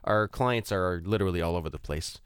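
A man's voice: low voice, brisk, smooth, dry recording. A man, hosting a real estate talk show in a chatty way, with many fillers and restarts. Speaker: radio show host. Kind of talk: casual chat.

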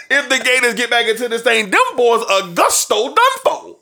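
A man co-hosting a casual sports talk show, animated, with laughs and drawn-out exclamations. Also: extremely high pitch.

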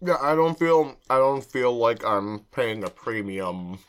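A man's voice: mid-range voice, expressive, unhurried, clean tone. A young man co-hosting a casual food podcast, rambling with lots of fillers while he eats. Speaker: podcast co-host. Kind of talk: casual chat while eating.

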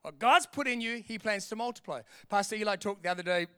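A man preaching a sermon in an animated way, acting out voices and laughing often. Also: sits high, fast, clear, resonant tone, no room sound. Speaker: pastor.

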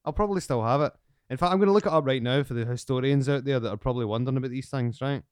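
A man's voice: medium pitch, very fast, clean tone, no echo, studio quality. A man hosting a podcast, cheeky and teasing, swearing casually as he chats. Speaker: podcast host.

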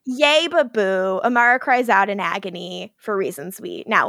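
A woman's voice: medium pitch, moderate pace, fairly bright tone, no echo, studio quality. A woman co-hosting a podcast, animatedly retelling a TV episode and acting out the characters' lines with frequent laughter. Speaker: podcast co-host. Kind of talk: casual recap chat.

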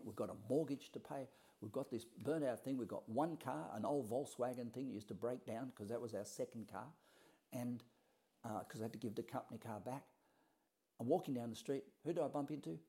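A man's voice: mid-range voice, a little fast, vocal fry, mellow. A man telling a personal story in a casual, blunt way, acting out the quoted dialogue and swearing now and then. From Australia.

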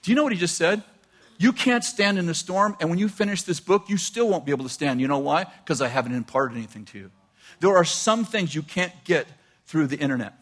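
An older man preaching a sermon, animated and laughing often as he quotes scripture. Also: a little high, brisk. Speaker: pastor.

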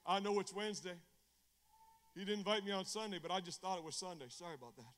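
The middle-aged evangelist speaks fast as he preaches passionately to a Bible study group. Repetition and frequent restarts mark his delivery, which swings from loud bursts to hushed, confiding words.

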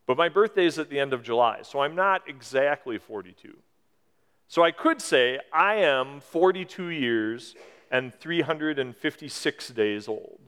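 A man's voice: on the high side, a bit bright. A man in his forties preaching a sermon, explaining scripture in a conversational way with emphatic rises. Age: 40s. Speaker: pastor. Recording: long hall reverb.

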